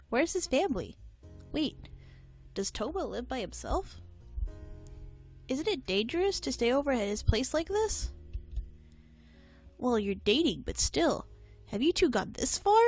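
A woman's voice: high-pitched, sing-song, unhurried, pauses often, a little mellow, breathy edge, faint music behind, voice pushed up, exaggerated voice. A woman voicing a small, cheeky boy spirit in a game, asking nosy questions in a raised, boyish voice. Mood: curious.

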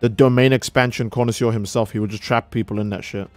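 Young guy streamer, chill and cussy, voice pops up high when hyped, faint music under him. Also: fast, no echo. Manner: laid-back and profane, jumps high when excited. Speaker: game streamer reading donations. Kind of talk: casual live-stream chat.

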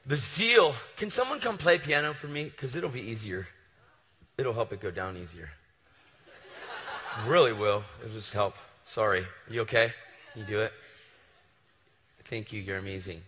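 A man preaching a passionate sermon, moving between loud declarations and hushed storytelling, recorded live in a large hall. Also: medium pitch, lively intonation, moderate pace, a little hiss or hum. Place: large hall with long reverb.

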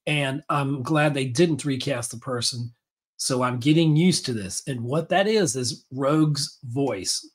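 A man hosting a podcast, talking in a rambling, enthusiastic way with many fillers and restarts. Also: medium pitch. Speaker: podcast host. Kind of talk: casual chat.

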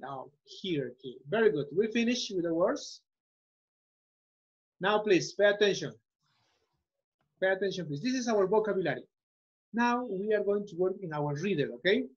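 A man's voice: high-pitched, breathy edge, muffled recording. A Spanish-speaking man teaching English online, giving patient, repetitive instructions through a computer mic on a video call.

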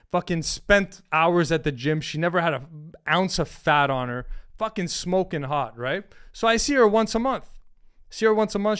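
A man's voice: a little high, fairly bright tone, clean tone. A man talking as a dating coach in a brash, emphatic and profane advice monologue.

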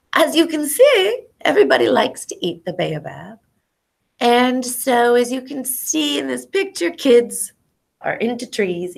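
A middle-aged woman, an ethnobotanist, telling lively stories to students in an animated educational talk over a video call. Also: medium pitch, gravelly. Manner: animated storyteller, exclamations and acted-out quotes; casual, says y'all.

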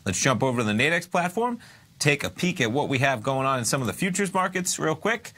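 A man hosting a live market news update, reading prices in brisk, casual broadcaster patter with a dry sarcastic edge. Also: medium pitch, sing-song, pushed and bright.

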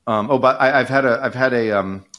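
A man's voice: mid-range voice, brisk, fairly bright tone. A man hosting a podcast, explaining economics in a casual, rambling way, full of fillers and restarts.

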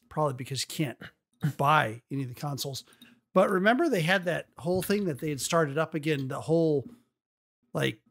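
A man's voice: on the high side, vocal fry, fairly bright tone. A man co-hosting a casual gaming podcast, teasing dryly and musing aloud. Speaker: podcast co-host. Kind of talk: casual chat.

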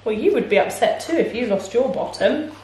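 A woman teacher reading a children's storybook aloud in a playful way, pausing to ask her listeners questions. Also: fairly high pitch, lively intonation. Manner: slow, warm, playful, asks listeners questions. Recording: echoey room.

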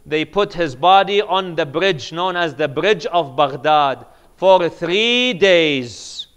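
A man giving a sermon, moving between hushed grieving tones and loud, emphatic preaching, with Arabic devotional phrases woven in. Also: a little high, expressive, slow pace, clean tone. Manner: swings from hushed, near-whispered grief to loud, emphatic preaching. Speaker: imam giving a majlis sermon.

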